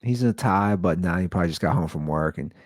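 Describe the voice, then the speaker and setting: A low-voiced man in his forties rambles through a comic story, his pitch swinging up and down. He talks as a show host, full of "like," and the sound is dry and close. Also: quick pace, dry recording. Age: 40s. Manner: rambling and animated, with lots of "like". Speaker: podcast host. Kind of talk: comedic storytelling monologue.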